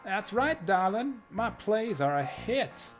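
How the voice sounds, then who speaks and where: A man's voice: high-pitched, very animated, slow, over music, pitched above the performer's own voice, full character voice. A man voicing a flirty female theater owner with a southern drawl, reading game dialogue aloud. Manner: drawling, sassy, calls people darling.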